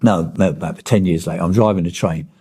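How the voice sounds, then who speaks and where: Former miner, 50s, blunt storyteller, low husky voice. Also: male voice, steady tone, fairly quick, mellow. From Kent, England. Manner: blunt storytelling, swears freely. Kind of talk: oral history interview.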